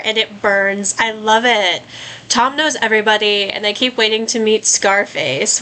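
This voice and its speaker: A bubbly young woman writing home from a sunny beach trip, full Valley Girl lilt, as a woman puts her on. The tone is bright and chirpy. A faint hiss sits under the voice. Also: a little high, low-quality recording. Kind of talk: reading a postcard aloud in a put-on voice.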